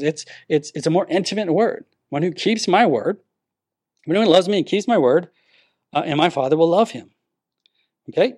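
A man preaching a sermon, teaching verse by verse with emphatic stresses and frequent restarts. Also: on the high side. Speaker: pastor.

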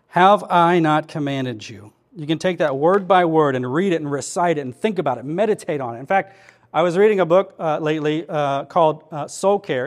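A pastor speaking to his congregation in an earnest, conversational way, often turning to questions. His voice sits somewhat high for a man. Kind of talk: sermon. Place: church.

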